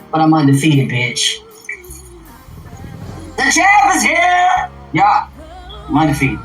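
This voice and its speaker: A woman's voice: reverberant, low-quality recording. Profane, emphatic woman livestreaming. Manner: profane, emphatic, swings from low muttering to high shouts. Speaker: livestream host. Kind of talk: unscripted livestream rant.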